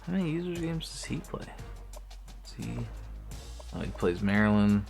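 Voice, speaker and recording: A man's voice: on the low side, sing-song, moderate pace, vocal fry, darkish tone, faint music behind. A young man streaming a sports video game, talking casually to himself, swearing freely and restarting his sentences. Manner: talks to himself while playing, swears often, restarts sentences. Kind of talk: casual gameplay commentary.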